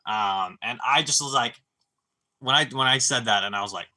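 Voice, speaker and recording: Bright-voiced young man rambling on stream. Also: mid-range voice, normal speed, slight background noise. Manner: rambling, profane, full of dude and bro; stammering restarts. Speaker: live streamer. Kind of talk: casual live-stream storytelling.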